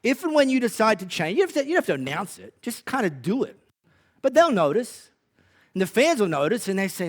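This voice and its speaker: An Australian man preaching a sermon as a pastor, conversational and animated, with playful asides. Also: high voice, brisk.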